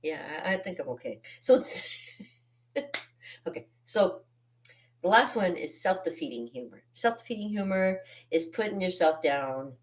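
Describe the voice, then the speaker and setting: A woman in her fifties hosts a casual comedic monologue and tells stories against herself. She rambles with many restarts and laughs at her own expense. Her speaking voice sits low. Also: big pitch swings, a little slow, a little hiss or hum. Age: 50s. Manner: rambling, self-deprecating, laughs often. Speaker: artist and channel host.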